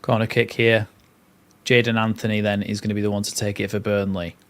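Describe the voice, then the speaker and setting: A man's voice: lowish voice, little pitch movement, a little fast, fairly bright tone. A young man hosting a live watchalong, mixing play-by-play with chatty, rambling asides. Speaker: fan channel host.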